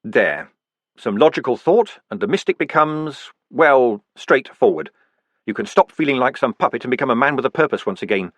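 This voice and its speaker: Lively man reading a fantasy audiobook. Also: mid-range voice, normal speed, no room sound. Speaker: narrator. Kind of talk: audiobook narration.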